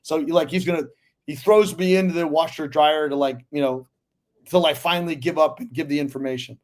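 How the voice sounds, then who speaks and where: A man in a relaxed interview, rambling through stories with lots of "like" and "you know" and plenty of cursing. His voice sits a touch high for a man. He talks loosely and laughs often. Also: brisk. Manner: loose storyteller, lots of fillers and profanity. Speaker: guest actor. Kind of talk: casual interview chat.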